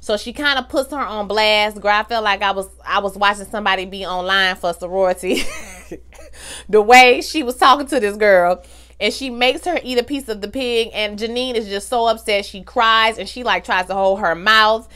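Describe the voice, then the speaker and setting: A woman's voice: mid-range voice, moderate pace, pushed and bright, clean tone. A woman giving a casual, slangy recap of a TV episode, talking straight to her viewers and acting out the characters' lines. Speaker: TV show recap vlogger.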